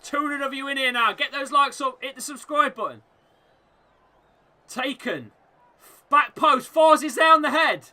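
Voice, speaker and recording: A man hosting a live fan watchalong, commentating on the match and shouting encouragement at his team. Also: very high voice. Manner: chatty, reacting and laughing at misses. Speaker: football fan watchalong host.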